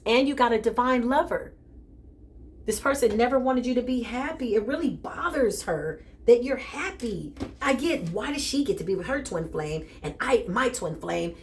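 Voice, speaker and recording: A woman giving a casual tarot reading straight to her listener, animated and joking, often calling out "listen" and "okay". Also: on the high side. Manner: animated and joking, with bursts of laughter. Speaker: tarot reader.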